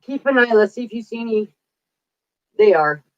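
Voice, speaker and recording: A woman's voice: fairly high pitch, animated, moderate pace, no room sound. Woman, 40s, livestream host: blunt and profane, chatty; muffled dry lo-fi recording. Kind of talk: casual livestream chat. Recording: dull lo-fi dry sound.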